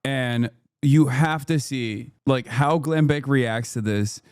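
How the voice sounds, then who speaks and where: A man hosting a live stream, giving profane, excitable and mocking political commentary. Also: mid-range voice, slow pace, smooth, dry recording, studio quality. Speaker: streamer host.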